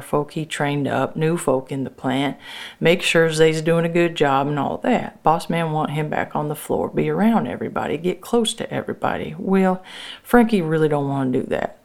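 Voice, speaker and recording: A woman's voice: deep voice, vocal fry, a little mellow. A woman telling, as a worker's wife, a rambling story in folksy rural dialect, as a dramatic monologue.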